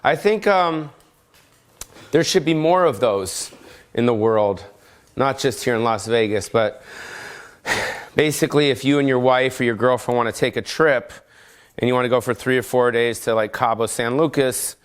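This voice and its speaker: A man's voice: medium pitch, normal speed, pauses often, smooth. A man hosting his own podcast, rambling profanely and jokingly in an unplanned rant at home. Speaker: comedian podcast host. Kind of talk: casual unscripted rant.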